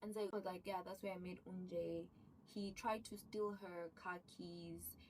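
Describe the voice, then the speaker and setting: A woman casually recapping a drama series, excitable and animated, acting out the characters' lines as she goes. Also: fairly low pitch, a little slow, distant mic, a little hiss or hum, low-quality recording. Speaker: show recapper.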